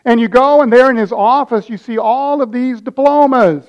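Guy preaching, pretty high voice, tells a story and jumps between loud high bits and quiet asides. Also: normal speed, dull audio. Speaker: pastor. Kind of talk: sermon.

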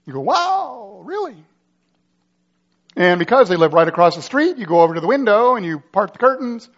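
A male pastor delivers a sermon in a high, ringing voice. He builds drama through rhetorical questions and urgent, vivid scenarios, rising and dropping for effect. The recording sounds dull and lo-fi. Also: expressive, quick pace, fairly bright tone.

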